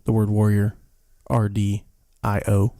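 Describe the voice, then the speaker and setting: A man co-hosting a podcast, signing off with an earnest, steady thank-you to first responders. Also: fairly low pitch, measured pace, dry recording, clean studio sound. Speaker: podcast co-host. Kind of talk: casual chat and sign-off.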